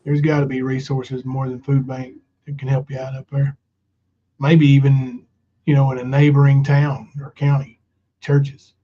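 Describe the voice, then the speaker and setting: A man's voice: mid-range voice, monotone, moderate pace, dark tone. Man, livestream host, loose rambling delivery full of fillers, slightly muffled lo-fi sound. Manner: rambling, many fillers, reads viewer comments aloud. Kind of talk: casual livestream chat.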